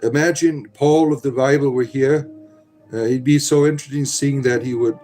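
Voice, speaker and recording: A man's voice: medium pitch, steady tone, normal speed, warm tone, faint music behind. A middle-aged man hosting a casual livestream, reading chat aloud in a rambling, sardonic, irreverent way.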